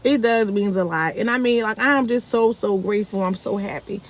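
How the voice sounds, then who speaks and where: A woman vlogger, telling a family story casually to her viewers and acting out the quoted lines. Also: normal speed. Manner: animated, acts out quoted speech with big pitch jumps.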